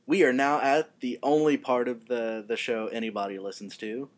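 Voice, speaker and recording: A man's voice: mid-range voice, steady tone, normal speed. A man hosting a casual podcast, introducing segments with hesitant ums. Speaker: podcast host.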